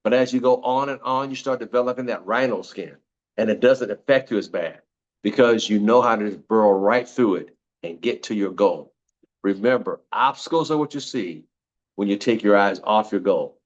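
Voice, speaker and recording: A man's voice: fairly low pitch, lo-fi sound. Emphatic older man, motivational talk. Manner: repetitive, preachy, emphatic slogans. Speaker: network marketing speaker.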